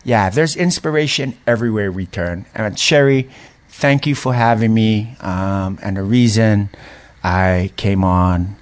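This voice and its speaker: A man's voice: on the low side, a little slow. A middle-aged man, a former mayor speaking as an interview guest and telling personal stories with feeling. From Hawaii. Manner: animated storyteller, voices others' reactions, frequent laughs. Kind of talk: heartfelt conversational storytelling.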